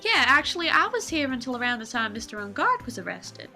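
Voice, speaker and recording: A woman voicing a loud, excitable young female photographer in a game, with a folksy country drawl. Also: high-pitched, brisk, faint music behind, voice pushed up, full character voice. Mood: brash.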